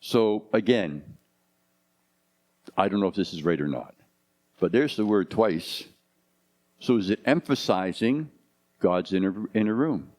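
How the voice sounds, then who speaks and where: A man's voice: fairly low pitch, animated, unhurried, pauses often, a little mellow. A man in his fifties, a pastor preaching a conversational sermon full of rhetorical questions.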